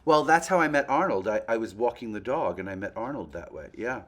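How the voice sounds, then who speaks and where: Male host, gossipy and playful, lively swoops in pitch, mid-pitched voice. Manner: animated, chatty, breaks into quick impressions. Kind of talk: gossipy comic monologue to a puppet.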